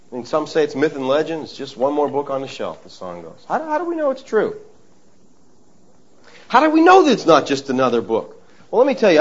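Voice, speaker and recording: A middle-aged man preaching a sermon in a folksy, emphatic way, calling his listeners folks. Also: on the high side. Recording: dull lo-fi recording.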